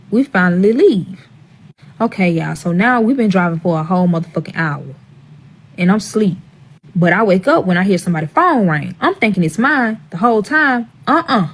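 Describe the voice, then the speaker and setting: A woman recounting a wild personal story straight to camera in a casual storytime vlog. She swears constantly and plays up the drama, speaking to her audience as friends. Her voice sits at an ordinary middle pitch for a woman. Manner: profane, dramatic, talks to the audience directly.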